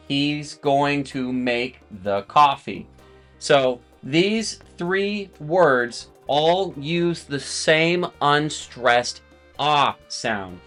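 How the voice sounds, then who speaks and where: A man's voice: fairly high pitch, extremely slow, fairly bright tone, soft background music. A man teaching a language lesson to viewers in a chatty, explanatory way, with friendly asides and repeated words.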